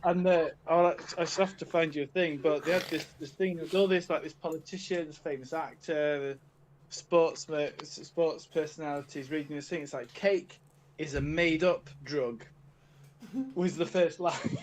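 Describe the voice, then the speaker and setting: A man's voice: fairly high pitch, fairly even intonation, rough recording. Rambling man on a casual podcast. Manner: rambling, halting, laughs often. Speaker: podcast co-host. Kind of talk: casual group chat. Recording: faint background noise.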